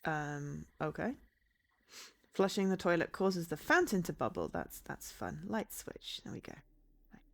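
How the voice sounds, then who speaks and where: A woman's voice: low voice, big pitch swings, a little slow, vocal fry. Woman streamer, casual game commentary, reads text aloud, jokey asides. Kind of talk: casual let's-play commentary.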